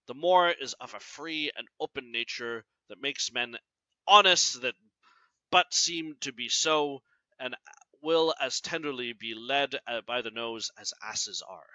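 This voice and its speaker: A man reading aloud the lines of a scheming, resentful male villain, in a plain, low, soft reading voice with dull lo-fi sound. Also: a little slow, dry recording. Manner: plain read-aloud verse, lower and softer.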